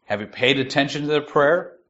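A man giving a sermon. He reads scripture slowly and stresses its key words. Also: a little high, sharp tone, highs cut off. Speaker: preacher.

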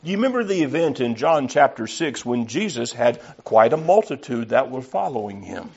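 A man's voice: mid-range voice, big pitch swings, moderate pace, vocal fry, a little mellow, breathy edge. A man preaching an earnest, emphatic sermon and reading scripture aloud. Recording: slightly dull lo-fi recording.

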